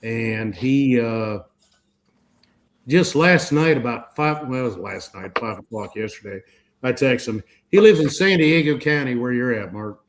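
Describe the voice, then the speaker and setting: A rambling man in his fifties hosts a relaxed podcast chat with a mid-range voice. He circles back with restarts and curses freely. A faint hiss sits under his voice. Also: medium pitch, a little slow. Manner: rambling storyteller, frequent restarts and swearing. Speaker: podcast host. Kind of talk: casual group chat.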